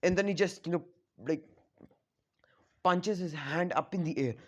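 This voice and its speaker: A man's voice: sits high, normal speed, muffled recording. A man casually retelling a fan-made story, rambling with lots of fillers. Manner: rambling, full of fillers like "like" and "you know".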